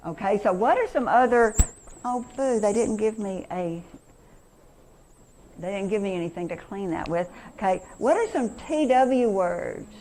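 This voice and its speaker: A woman's voice: mid-range voice, animated, unhurried, dark tone, slight background noise. A middle-aged woman teacher leading an interactive workshop lesson, enthusiastic and quizzing her audience.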